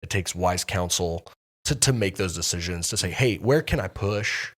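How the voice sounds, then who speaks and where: Deep-voiced man, casual church podcast. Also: normal speed, fairly bright tone. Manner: hesitant, many restarts and fillers. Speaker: pastor and podcast co-host.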